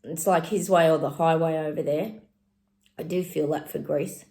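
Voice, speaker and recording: A woman's voice: low-pitched, steady tone, moderate pace, warm tone. A middle-aged woman casually giving psychic readings to her viewers, chatty and exclaiming as she talks straight to them. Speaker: psychic channel host.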